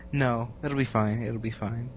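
A young man with a stuffy nose, chatting casually and joking at his own expense. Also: medium pitch. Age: young adult. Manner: laid-back and self-mocking, laughs often. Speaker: podcast co-host. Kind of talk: casual group chat over mics. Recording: dull lo-fi mic with faint hum.

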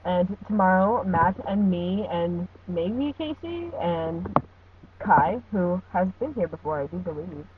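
A woman's voice: lowish voice, animated, unhurried. A woman hosting a casual podcast, joking around and laughing often. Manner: giggly, jokey, laughs often. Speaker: podcast host. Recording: tinny phone-like audio with faint hiss.

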